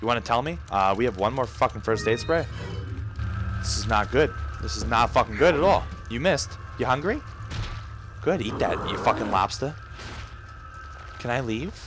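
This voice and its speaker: A young man gives frantic, profane let's-play commentary on a video game, swearing, yelping and shouting as he plays. His mid-range voice has lively intonation and a moderate pace with frequent pauses, over background noise.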